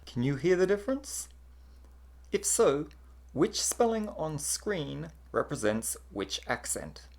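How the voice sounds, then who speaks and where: A narrator delivering a scripted lesson on accents. The pitch rises and falls in a lively way, and the reading sounds explanatory and even. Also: takes it slowly, gravelly.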